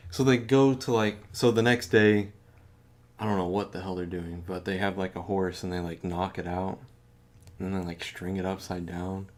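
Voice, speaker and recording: A man's voice: low voice, fairly even intonation, moderate pace, a little mellow. A man casually retelling a movie he watched, swearing a lot, laughing and acting out the characters' lines. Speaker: podcast co-host.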